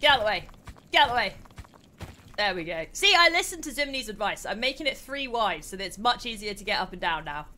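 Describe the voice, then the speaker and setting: A young British woman hosting a casual gameplay livestream, excitable, chatty and quick to mock herself. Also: medium pitch. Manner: excitable, chatty, self-mocking. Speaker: streamer host.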